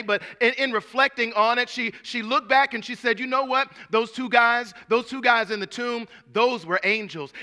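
A male preacher with a high, very bright and forceful voice, delivering a sermon in church. He talks conversationally and with humor, stumbling over repeated words and calling out to listeners by name. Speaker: pastor.

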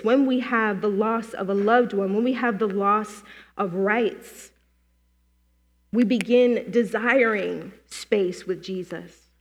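A woman leads a guided meditation and prayer, speaking slowly and gently, with long pauses between phrases. Her mid-pitched voice carries a long reverb from a large worship hall. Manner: gentle, slow, inviting with many pauses. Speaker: preacher leading a guided meditation.

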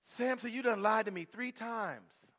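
A man's voice: high voice, a little slow, a bit bright, voice pushed up. A male preacher voicing a young woman who nags and scolds her lover to get his secret. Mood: coaxing. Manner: nagging, wheedling, reproachful.

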